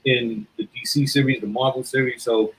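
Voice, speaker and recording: A man co-hosting a casual chat who speaks politely and somewhat haltingly. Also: mid-range voice, steady tone, a bit bright, slightly rough, poor audio. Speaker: co-host.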